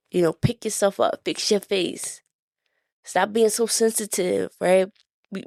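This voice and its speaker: A Philadelphia woman with a Philly accent hosts a podcast, talking casually and encouragingly, often asking "right?" to check in with listeners and laughing easily. Her voice is on the low side, gravelly and a little mellow, recorded at studio quality with no room sound.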